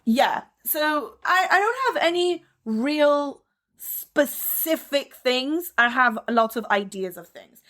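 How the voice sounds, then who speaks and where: A dancer in her thirties from France and the United States chats upbeat as an interview guest in a relaxed conversation, frequently saying "like." Her voice is high and fairly bright, with lively intonation and an unhurried pace.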